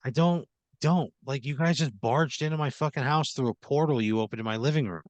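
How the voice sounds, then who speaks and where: Man, mid-pitched, exasperated and profane, casual podcast chat, dry close mic. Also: brisk, dry recording. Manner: exasperated, swearing. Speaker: podcast co-host.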